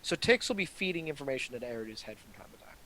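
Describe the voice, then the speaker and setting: Man, tabletop player, mid pitch, casual explaining, faint hiss. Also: lively intonation, very fast, pushed and bright, low-quality recording. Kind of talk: casual chat.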